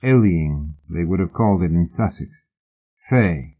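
A man narrating an audiobook in a measured, literary manner. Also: deep voice, animated. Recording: husky voice on a tinny phone-like line.

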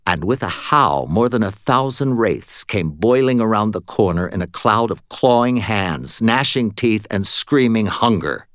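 A man narrating a fantasy novel in the first person, with steady, even storytelling. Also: lowish voice, measured pace, few pauses, no room sound, clean studio sound. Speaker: audiobook narrator.

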